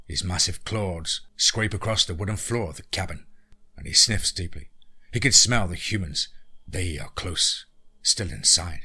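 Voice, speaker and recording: A man's voice: on the low side, sharp tone, husky. A man narrating a scripted horror story in a dramatic, tense present-tense reading.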